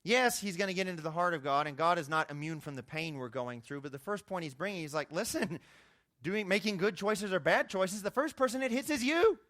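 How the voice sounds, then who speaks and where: A young man preaching a conversational sermon, his voice jumping high when he makes a point. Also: animated, brisk, a bit bright, no echo, studio quality. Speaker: youth pastor.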